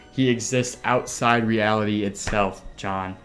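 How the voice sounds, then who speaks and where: A man hosting a casual podcast, telling a story excitably with sound effects and the odd swear word. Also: mid-range voice, measured pace, faint music behind. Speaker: podcast host.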